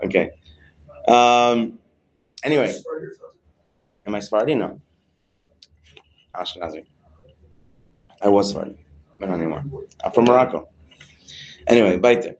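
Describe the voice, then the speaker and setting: A man's voice: on the low side, normal speed, long pauses, lo-fi sound. A man teaching a Torah class to students. He reads Hebrew lines, translates them into casual English with some slang, and banters with the class.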